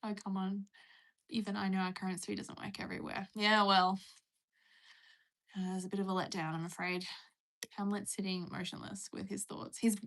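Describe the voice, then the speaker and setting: Aussie woman on a livestream, just chatting, reads chat questions out loud and rambles on. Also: mid-range voice, level tone, normal speed, creaky, long pauses. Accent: Australian. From Australia. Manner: chatty, reads viewer questions aloud and rambles through answers. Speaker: live streamer answering chat. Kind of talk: casual live-stream chat.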